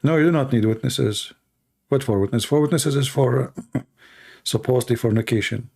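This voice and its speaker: A man answers viewers' questions on a casual live stream. His voice is dark, gravelly and worn hoarse. He talks bluntly, with sarcasm and a run of rhetorical questions. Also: mid-range voice, moderate pace. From Middle East. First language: Arabic. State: hoarse, tired voice. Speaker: Christian apologist, host answering questions.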